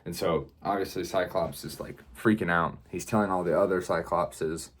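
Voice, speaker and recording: A man's voice: low-pitched, fairly even intonation, moderate pace, slight background noise. A young man in his student years, talking casually to camera, rambling with lots of fillers. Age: young adult. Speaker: vlogger.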